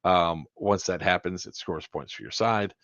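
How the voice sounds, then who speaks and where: A man's voice: sits low, normal speed, fairly bright tone, dry recording, dull audio. Man, event organizer, rambling rules briefing, blunt and profane, dry close sound.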